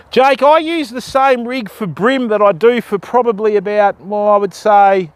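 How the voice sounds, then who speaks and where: A man's voice: high voice, dry recording. An Australian man chatting casually on a live fishing stream, explaining step by step how to bait and rig for the viewers. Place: outdoors on a river bank at dusk.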